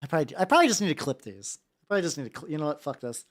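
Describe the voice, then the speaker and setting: A young woman streams while painting miniatures and talks in a loose, rambling way, full of swearing and stammered restarts. Her voice sits on the low side but swings widely in pitch as she chats. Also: sing-song, racing. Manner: rambling, profane, self-interrupting with stammered restarts. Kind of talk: casual livestream chat.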